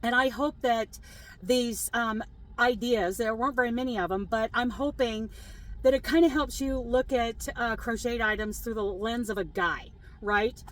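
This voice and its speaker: A woman's voice: on the high side, normal speed, rough recording. A middle-aged woman chatting casually to her viewers as a crochet vlogger, laughing often as she tells stories. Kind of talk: casual chat to camera.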